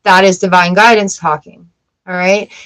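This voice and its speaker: A woman's voice: fairly low pitch, steady tone, moderate pace, a bit bright, rough recording. A middle-aged woman runs a live card reading, chatty and reassuring. She speaks straight to her viewers in an easy, everyday voice. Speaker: tarot reader.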